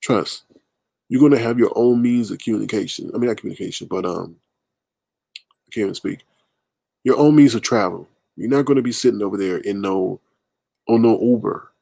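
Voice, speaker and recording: A man hosting a livestream, commenting casually and answering chat comments with emphatic, animated talk. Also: on the low side, vocal fry, husky, dry recording. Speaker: livestream host.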